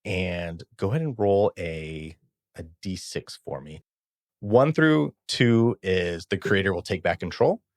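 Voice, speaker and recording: A man narrating and running a tabletop game as game master, relaxed and descriptive. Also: deep voice, measured pace, no room sound, studio quality.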